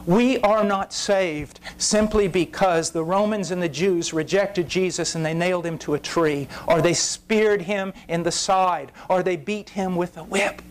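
A man's voice: high voice, steady tone, unhurried, few pauses, slight background noise. Intense preacher man, impassioned sermon. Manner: intense, rising to shouts at climaxes.

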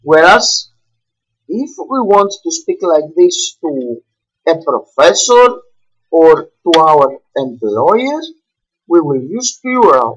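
Slow, halting man teaching at a board. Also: a little high, sing-song, slightly rough, dull audio. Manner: slow, halting explanations with many fillers. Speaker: language teacher. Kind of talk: whiteboard language lesson.

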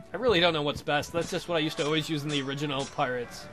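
High bright-voiced dude riffing over a pirate game, crude and all over the place, faint game music. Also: male voice, steady tone, racing, hardly any pauses. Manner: crude, loud outbursts and silly voices. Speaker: let's play commentator. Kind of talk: casual gameplay commentary reading dialogue aloud.

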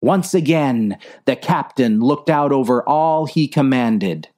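A woman reading a clumsy war story aloud in a slow, mock-earnest narration. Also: extremely low pitch, expressive, mellow. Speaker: story reader.

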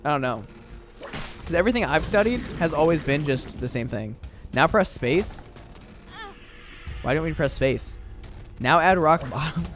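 A man's voice: on the high side, expressive, unhurried, long pauses, a bit bright, soft background music. Chatty young man streaming a game. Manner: chatty, rambling with fillers. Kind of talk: casual live-stream chat.

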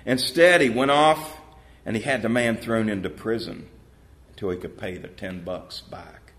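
A male pastor preaching a sermon in a church, telling a parable with lively changes of voice and rhetorical questions to the congregation. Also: normal speed. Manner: animated storytelling, voicing parable characters with pitch jumps. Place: church sanctuary.

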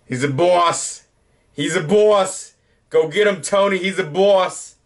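A man putting on a swaggering male mob-boss voice, with slow, drawled tough-guy talk. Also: high voice, voice pushed up.

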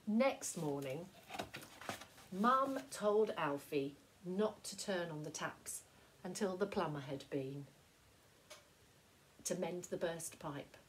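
A woman teacher reads a picture book aloud to young children. She goes slowly and expressively, with a lively, sing-song rise and fall in her voice. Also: on the low side, slight background noise, rough recording. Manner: expressive, slow storytelling. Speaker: primary school teacher.

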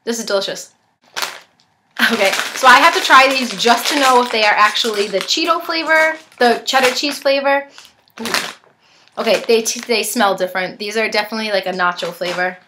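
In a casual unboxing vlog, a young woman reviews snacks, chatting and tasting as she goes and sometimes talking with her mouth full. Her voice is a little high and fairly quick, with background noise.

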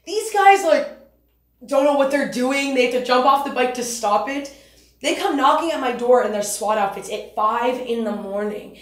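A young adult student actress performs a stage monologue as a laid-back stoner, rambling loosely and swearing. Her voice is high-pitched and animated at a moderate pace, with a roomy sound.

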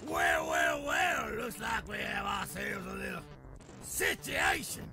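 Guy doing a gravelly shouty colonel, cusses a lot, loud music behind him. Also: high voice, huge pitch swings, slow pace, full character voice. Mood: blustering. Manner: bellowing, cursing, theatrical. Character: gruff hot-tempered male colonel.

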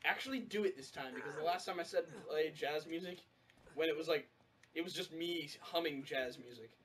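A man commentating his gameplay in casual banter, excitable, swearing loudly and bursting into shouts and laughter. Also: fairly high pitch, fairly quick. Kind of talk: casual let's-play banter.

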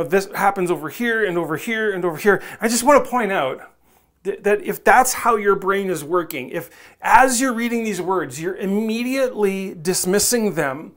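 A pastor preaching a sermon in a relaxed, conversational way, coaxing listeners and acting out the voices they might hear in their heads. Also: medium pitch. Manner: conversational, coaxing, asks the audience directly; acts out quoted inner voices.

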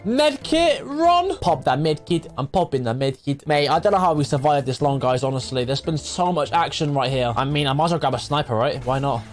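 A young man giving live commentary over his own gameplay, swinging from muttering to excited shouts. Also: a little high. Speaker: gaming streamer.

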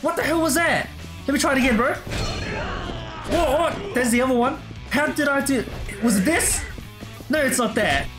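A man casually commentating his gameplay, excitable, laughing often and saying "bro" all the time. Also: extremely high pitch, fairly quick, over music. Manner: excitable, laughs a lot, says "bro" constantly. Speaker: gameplay streamer. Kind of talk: casual let's play commentary.

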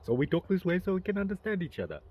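A man's voice: high-pitched, sing-song, rapid-fire, a little mellow, slightly rough, voice pushed up, heavily acted. A man putting on an Indian accent as a cheerful, polite shopkeeper, sing-song and overly courteous.

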